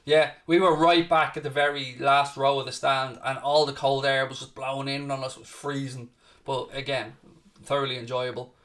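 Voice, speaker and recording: A man from Ireland hosts a football watchalong live, chatting casually, taking viewer questions and saying "mate." His medium-pitched voice is a bit bright, delivered flatly at a moderate pace.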